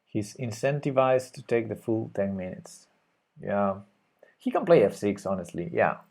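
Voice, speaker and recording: A man calls his own moves as he plays chess live on stream, talking himself through each option. His voice is mellow and a little husky, and his pitch leaps around whenever a move catches him off guard. Mouse clicks tick away behind him. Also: expressive, unhurried. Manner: thinking aloud about moves, pitch jumps when surprised.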